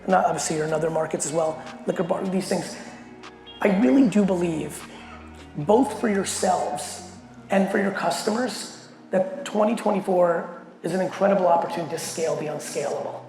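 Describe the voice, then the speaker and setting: A middle-aged man telling a story in a talk to a company audience, animated and full of swearing. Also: high-pitched, vocal fry. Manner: profane, animated, fast storyteller. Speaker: keynote speaker. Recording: echoey hall with long reverb, faint music.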